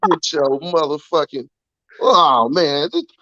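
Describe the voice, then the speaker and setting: A man's voice: fairly high pitch, slow pace, no echo, highs cut off. A man calling in to fire off a long string of profane roasting insults at someone. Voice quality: animated, insult-slinging, profane.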